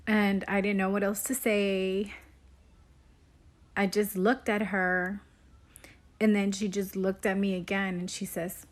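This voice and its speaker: Slow-talking woman telling an eerie story. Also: medium pitch, flat delivery. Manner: slow, halting, unsettled retelling. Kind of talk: casual storytime.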